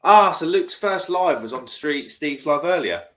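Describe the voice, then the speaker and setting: A man's voice: on the high side, lively intonation, unhurried, a bit bright. Easygoing British man reading chat. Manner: easygoing, reads out viewer comments. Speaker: live stream co-host reading chat. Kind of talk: boozy late-night chat.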